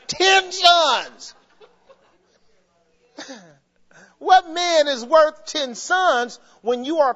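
A man preaching a sermon in an animated way, laughing and mimicking voices as he goes. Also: very high-pitched. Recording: muffled long reverb in a hall.

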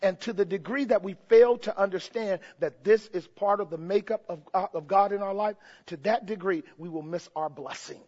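Man, very high voice, pastor preaching, dull lo-fi sound. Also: normal speed, hardly any pauses. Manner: call-and-response preaching, swinging between shouts and hushed stretches. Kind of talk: sermon.

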